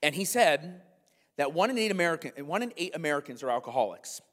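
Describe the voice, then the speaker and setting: Male pastor, casual and animated sermon delivery, slightly higher voice, live in a reverberant hall. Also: fast talker. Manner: animated, conversational preaching with asides to the room. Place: church hall, live congregation.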